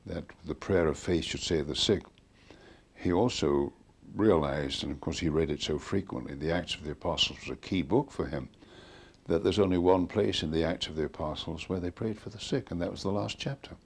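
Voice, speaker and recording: A man's voice: deep voice, brisk, breathy edge. An older man recounting stories earnestly in an interview, voicing quoted commands with emphasis.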